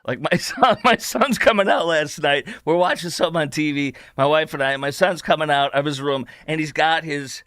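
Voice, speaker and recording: Sarcastic male commentator, bright forceful voice. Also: a little high, moderate pace, few pauses, no room sound, studio quality. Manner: sarcastic, mocking. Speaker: host. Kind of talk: political commentary.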